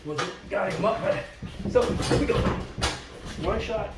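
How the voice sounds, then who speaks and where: A man's voice: high voice, unhurried. A man in his fifties giving a chatty work-along tutorial, talking to himself and his viewers while he works and joking along the way. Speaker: drywall installer. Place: bare room under construction. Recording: echoey room, far from the mic, loud work noise.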